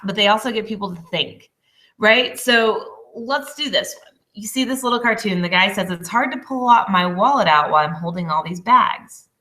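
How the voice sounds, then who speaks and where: A woman in her twenties, a business coach teaching a casual lesson, chatty and quick to laugh. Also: mid-range voice, pushed and bright. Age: 20s. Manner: chatty, laughs often, apologizes.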